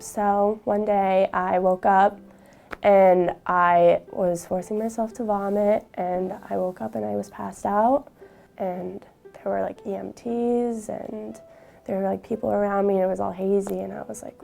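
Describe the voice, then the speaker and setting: A young woman, a university student, telling her personal story in an interview, halting, with frequent fillers and restarts. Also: mid-range voice, level tone, creaky, darkish tone.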